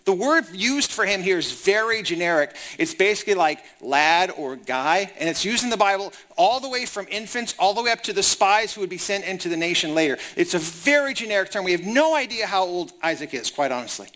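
A man's voice: high-pitched, animated, fairly quick, hardly any pauses, pushed and bright. A man preaching a sermon, reading scripture and retelling it in casual, conversational paraphrase. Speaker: pastor.

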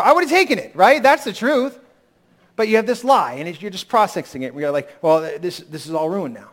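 Candid pastor preaching with emphatic rises. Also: male voice, sits high, lively intonation, fairly quick. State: lingering cold. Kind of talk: sermon.

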